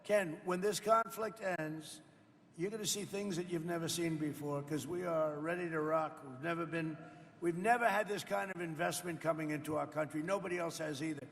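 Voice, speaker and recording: Older guy politician riffing off the cuff, high-ish gravelly voice, boasty, reverby room. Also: moderate pace. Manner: rambling, boastful, chatty asides to the audience. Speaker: president speaking at a farmers' roundtable. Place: indoor roundtable event.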